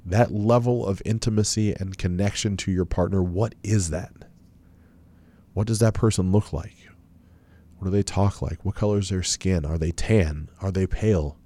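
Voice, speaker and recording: A man's voice: on the low side, dark tone, dry recording. A man giving a self-help talk and leading listeners through a guided visualization, coaching them with many questions.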